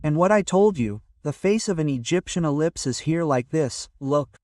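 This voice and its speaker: A man's voice: a little high, expressive, normal speed, darkish tone, dry recording, studio quality. Distant man narrating an outdoor climb. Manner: chatty, keeps prompting viewers with "look" and "right?". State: panting from climbing. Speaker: vlogger. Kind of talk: casual hiking vlog narration.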